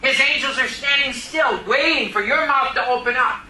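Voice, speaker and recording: Preacher, male, very high and piercing voice, emphatic, quizzes the congregation. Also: moderate pace, a little hiss or hum, low-quality recording. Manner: emphatic, questions the congregation, rises to shouting. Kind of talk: sermon. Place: church service.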